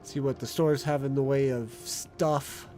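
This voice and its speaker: A man casually commenting as he plays a game, in relaxed, offhand chatter. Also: medium pitch, unhurried, soft background music. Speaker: gameplay streamer.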